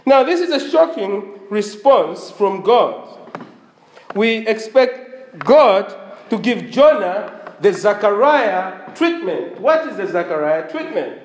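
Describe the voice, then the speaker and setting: A man's voice: sits high, big pitch swings, takes it slowly, echoey room. A man preaching a sermon, with a slightly strained voice, asking the congregation questions as he goes. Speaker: pastor.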